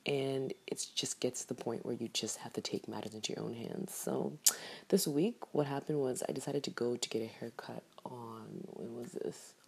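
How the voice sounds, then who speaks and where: Woman, very deep voice, husky, young, casual storytime rant, exasperated. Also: normal speed. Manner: animated, swearing, exasperated. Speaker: vlogger.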